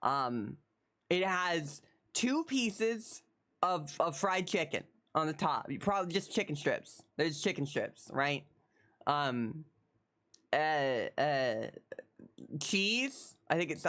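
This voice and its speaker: A live streamer from the United States chatting with viewers from a home setup. They ramble, stammer and repeat phrases, and get animated and laugh when teasing chat. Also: medium pitch, slow.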